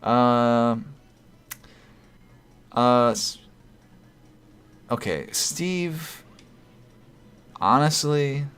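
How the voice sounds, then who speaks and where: A man's voice: mid-range voice, drawn-out words, long pauses, fairly bright tone, clear, resonant tone. A man streaming live, chatting casually and reading out viewer comments, rambling and correcting himself. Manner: rambling, self-correcting, chuckles often.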